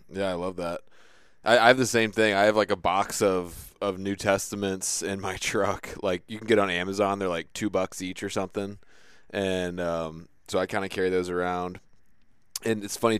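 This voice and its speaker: A man's voice: lowish voice, smooth, dry recording, clean studio sound. A man hosting a podcast, chatting in an easygoing way with rambling asides. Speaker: podcast host. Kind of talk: casual podcast interview.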